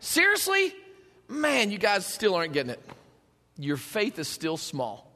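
A man's voice: high-pitched, wildly swooping pitch, a little slow, pushed and bright, long reverb tail, exaggerated voice. A man doing a drowsy, teasing man woken from a nap. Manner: unbothered, lightly mocking.

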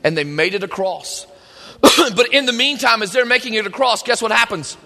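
High bright pastor in an echoing hall. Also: male voice, normal speed, creaky. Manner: retells scripture with quoted voices, emphatic. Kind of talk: sermon.

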